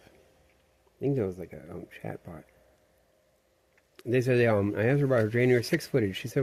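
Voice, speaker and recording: A man's voice: mid-range voice, animated, moderate pace, pauses often, darkish tone. A man rambling through a profane, meandering, conspiratorial monologue.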